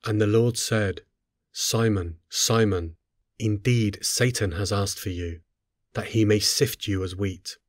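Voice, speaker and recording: Low-voiced man reading scripture solemnly. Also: steady tone, measured pace, no room sound, clean studio sound. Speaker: scripture reader.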